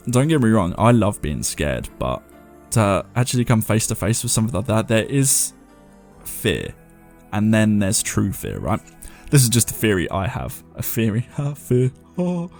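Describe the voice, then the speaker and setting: A man with a fairly low voice hosts a paranormal show, mixing loose, rambling chat with reading listener stories aloud. He keeps poking fun at himself as he reads. Soft music plays faintly underneath. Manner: rambling, self-mocking, chuckles while reading. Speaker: host of a paranormal podcast.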